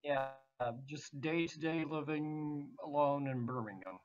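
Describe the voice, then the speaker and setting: A man's voice: a little high, measured pace. A young man, a player in a tabletop game stream, chatting casually and hesitantly with lots of fillers. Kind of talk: casual chat. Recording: dull lo-fi voice chat.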